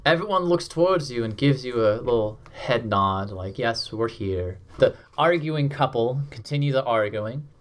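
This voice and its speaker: A man serves as game master for a tabletop role-playing session, narrating the scene in a descriptive way. His voice sits at an ordinary middle pitch, and he slows down to build atmosphere. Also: expressive, slight background noise.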